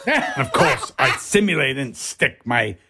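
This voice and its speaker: A man telling a colorful anecdote as an interview guest, theatrical and animated, acting out other people's voices and swearing freely. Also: mid-range voice, unhurried, creaky, a loud crowd. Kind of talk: anecdotal storytelling.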